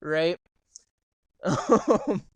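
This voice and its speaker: A man's voice: sits high, lively intonation, very slow, husky, dry recording. A young adult man co-hosting a casual gaming podcast, swearing freely and ranting with repeated "right?". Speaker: podcast co-host.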